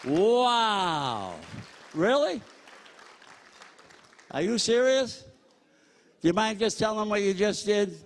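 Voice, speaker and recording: High-voiced auctioneer in a big hall. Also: male voice, some chatter behind. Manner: rapid-fire bid calling with jokes. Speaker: charity auctioneer. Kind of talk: live charity auction calling. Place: large banquet hall. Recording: reverberant hall PA sound.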